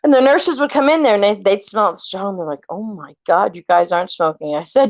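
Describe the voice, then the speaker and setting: A mid-range woman's voice, brisk with hardly any pauses: she's in her 40s, from California, and chattily tells family ghost stories, voicing every quote and swearing casually. The sound is close, dry, and dull lo-fi, with no room sound.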